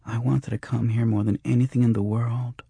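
A man voicing a frightened, dreamy young woman in an audiobook, speaking softly. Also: mid-range voice, little pitch movement, brisk, creaky, husky, no echo, clean studio sound, pitched above the performer's own voice. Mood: wistful.

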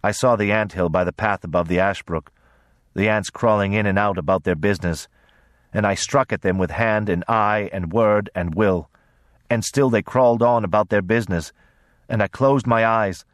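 A man narrating a novel as an audiobook reader, in a measured, gentle storytelling manner. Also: fairly low pitch, dry recording, clean studio sound. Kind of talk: scripted narration.

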